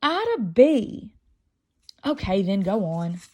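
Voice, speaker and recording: A woman reading aloud, voicing a patient mother who gently coaxes her daughter through a homeschool lesson. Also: medium pitch, big pitch swings, slow. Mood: exasperated.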